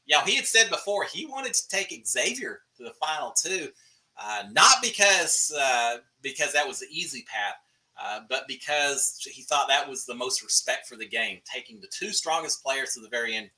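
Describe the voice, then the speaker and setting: A man's voice: mid-range voice, moderate pace, poor audio. A middle-aged man, chatting casually as host of a live stream and answering viewer questions in a folksy way. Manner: animated, folksy, restarts and uh fillers.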